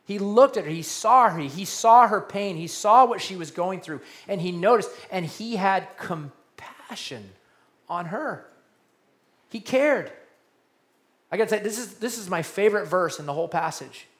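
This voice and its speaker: A man preaching a sermon, animated, repeating key phrases and dropping to a hushed voice for emphasis. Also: high-pitched, normal speed. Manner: animated preaching, repeats key lines, drops to quiet soft tones for emphasis. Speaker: pastor.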